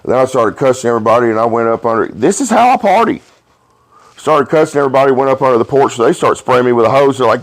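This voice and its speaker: A man hosting a podcast, telling rowdy stories in a profane, animated way and laughing along. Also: medium pitch, fast talker. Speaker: podcast host. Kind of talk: casual storytelling chat.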